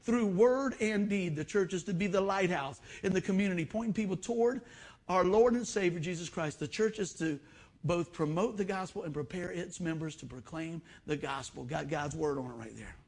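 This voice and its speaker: A man's voice: high-pitched, normal speed, a little mellow. A middle-aged man preaching a sermon in church, telling folksy stories and acting out the voices he quotes. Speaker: pastor.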